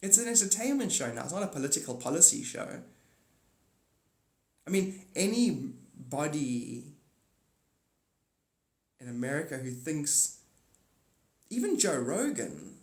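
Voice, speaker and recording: A man hosting a live stream, talking in a rambling monologue, animated and swinging between loud outbursts and muttered asides. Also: a little high, measured pace, pauses often, echoey room.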